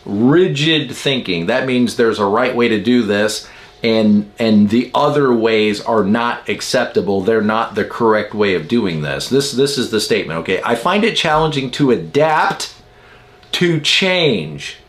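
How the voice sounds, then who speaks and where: A man's voice: fairly low pitch, moderate pace. A man hosting a podcast, talking casually and explaining ideas with everyday stories and self-deprecating asides. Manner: chatty, self-deprecating, acts out quoted people. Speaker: podcast host. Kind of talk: casual teaching monologue.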